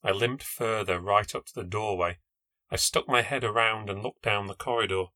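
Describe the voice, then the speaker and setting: A man's voice: on the low side, fairly even intonation, moderate pace, pushed and bright, dry recording. A man narrating a first-person ghost story with a tense, dramatic delivery. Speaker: podcast narrator.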